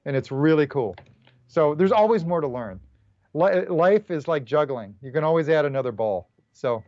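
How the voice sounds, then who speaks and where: Relaxed man on a dull, dry line. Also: fairly high pitch, moderate pace, dry recording. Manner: relaxed, rambling, encouraging. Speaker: guest, spiritual teacher. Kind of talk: casual spiritual talk.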